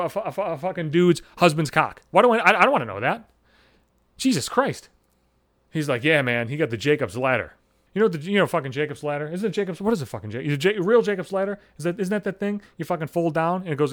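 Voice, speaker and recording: Swearing rambly guy ranting on his vlog, slightly high voice that jumps all over, dead dry sound. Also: dry recording. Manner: rambling, profane, animated. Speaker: vlogger. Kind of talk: profane comic rant.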